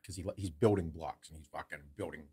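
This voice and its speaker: A man co-hosting a podcast, telling a lively family story with lots of swearing and laughter. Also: extremely low pitch, quick pace, husky. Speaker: podcast co-host. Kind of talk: casual storytelling.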